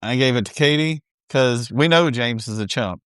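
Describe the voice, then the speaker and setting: A man co-hosting a podcast, offering relaxed opinions in easy chat. His voice sits at a middle pitch and sounds smooth and clean. The sound is dry and close, with no room in it. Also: normal speed, no room sound. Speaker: podcast co-host. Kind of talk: casual recap chat.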